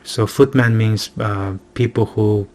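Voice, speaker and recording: A man's voice: on the low side, steady tone, unhurried, a loud crowd. A man reading a classic novel aloud and explaining it line by line to a learner, repeating and rephrasing patiently. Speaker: English tutor.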